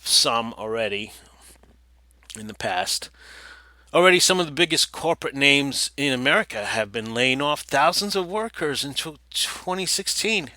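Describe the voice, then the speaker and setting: A man's voice: mid-range voice, no echo. A man hosting a talk show, reading an article aloud and breaking off into sarcastic, digressive commentary. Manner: sarcastic, digressive, bursts into loud mock voices. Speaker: podcast host.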